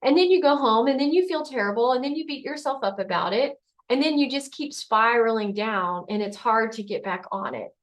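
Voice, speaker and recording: A woman's voice: fairly high pitch, lively intonation, fairly quick. A middle-aged woman, a functional medicine doctor, giving a conversational motivational health talk and acting out everyday scenarios. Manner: conversational, acts out scenarios in quoted voices.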